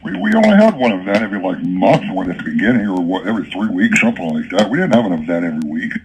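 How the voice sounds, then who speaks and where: Lowish guy rambling on about a game, a bit of hiss behind him. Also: very animated, racing. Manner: frank, rambling, repeats himself. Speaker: longtime player on a gaming stream. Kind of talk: casual chat.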